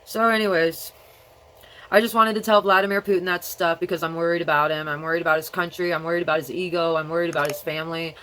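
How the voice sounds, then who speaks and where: A woman's voice: fairly low pitch, level tone, fast, sharp tone, low-quality recording. A woman with a childlike way of speaking, talking at home in a rambling casual vlog monologue that jumps between topics. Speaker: vlogger.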